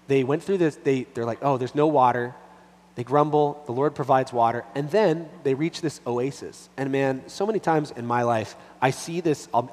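A man, a pastor with a little boy, teaching from the Bible in a relaxed, conversational way, full of restarts and fillers. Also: medium pitch. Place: church hall. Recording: long reverb, faint hum behind.

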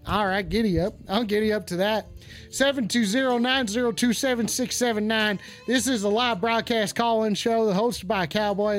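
A man hosting a live call-in stream in character as a touchy, swearing cowboy with a put-on drawl, rambling and reacting to chat. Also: sits high.

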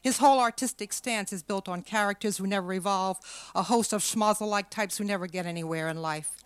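A woman reading her own fiction aloud at a literary event in a measured, expressive way. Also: medium pitch, smooth, no echo. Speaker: author reading her work.

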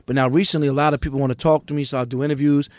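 A man's voice: on the high side, little pitch movement, rapid-fire, darkish tone, no room sound. Middle-aged man, New York accent, blunt street talk, profane, podcast guest, dry close mic. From Queens, New York. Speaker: music manager, guest. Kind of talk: candid podcast interview.

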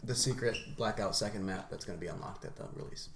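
A man's voice: fairly low pitch, fast, a crowd in the background. A young man co-hosting a casual podcast chat, teasing and emphatic. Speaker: podcast co-host. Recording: loud noise in an echoey room.

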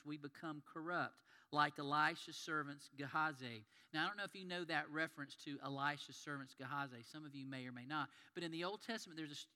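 A man's voice: on the high side, bright, forceful tone. A man preaching a sermon in an earnest, conversational storytelling manner. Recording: long hall reverb.

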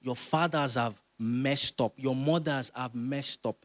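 A man, preaching a sermon as pastor, emphatic and repeating phrases as he builds to loud exhortation. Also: medium pitch, measured pace. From Nigeria.

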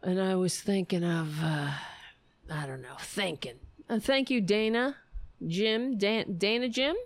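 A woman's voice: mid-range voice, unhurried, no echo. A woman hosting a political podcast livestream, talking in a sarcastic, mocking and profane way, rambling and correcting herself as she goes.

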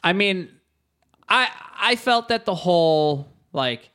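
A man's voice: sits high, expressive, slow pace, sharp tone, smooth. A man co-hosting a casual comedy podcast, reviewing a movie with friends, joking and laughing often. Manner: jokey, laughs often, acts out quotes. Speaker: podcast co-host.

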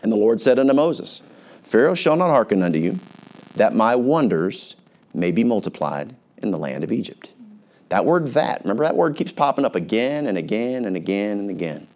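A man's voice: lowish voice, very animated, a little fast, darkish tone. A male pastor preaching a sermon in an earnest, conversational way, reading scripture aloud.

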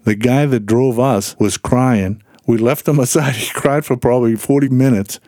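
A man's voice: mid-range voice, moderate pace, dry recording, studio quality. A middle-aged man telling stories in a casual chat, acting out the people he quotes. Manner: animated storyteller who acts out quoted people. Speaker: guest.

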